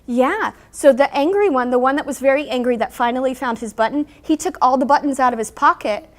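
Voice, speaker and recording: A woman teacher reading a picture book aloud to her class, acting out the characters' lines with animated emphasis and pausing to explain. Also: high-pitched. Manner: animated storyteller, acting out character lines with big loud pushes.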